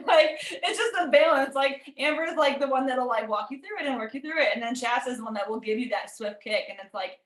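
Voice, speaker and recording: A woman's voice: high-pitched, fast, hardly any pauses, fairly bright tone, echoey room. A woman telling stories in a casual group chat, laughing often as she talks. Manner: bubbly, laughing, storytelling.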